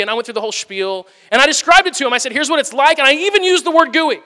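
Bright high-voiced pastor in a reverberant hall. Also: male voice, quick pace. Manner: animated storyteller acting out dialogue. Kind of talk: sermon with personal stories. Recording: long reverb of a large hall.

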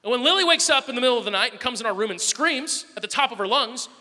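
A man preaching a sermon, telling a family story with animated swings between loud bursts and soft asides. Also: very high voice, fast talker, big-room sound. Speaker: pastor.

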